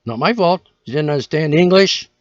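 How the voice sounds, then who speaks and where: A man hosts his own podcast, delivering a casual solo rant that is profane and exasperated. His voice is a little high, expressive and brisk, captured in a dull, dry, lo-fi recording.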